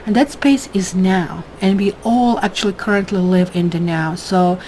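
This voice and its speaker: A woman's voice: mid-range voice, moderate pace, darkish tone, slight background noise, poor audio. Chatty woman giving a tarot forecast. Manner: chatty and emphatic, keeps asking "right?". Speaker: tarot reader. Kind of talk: casual monthly tarot forecast. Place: home, at a table by a window.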